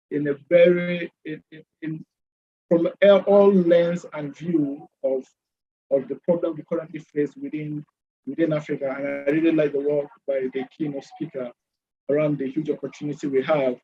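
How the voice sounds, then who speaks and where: Halting man on a video call. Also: a little high, mellow, a little hiss or hum. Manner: halting, many restarts and fillers. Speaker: panelist. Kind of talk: virtual panel answer. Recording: dull lo-fi video call audio.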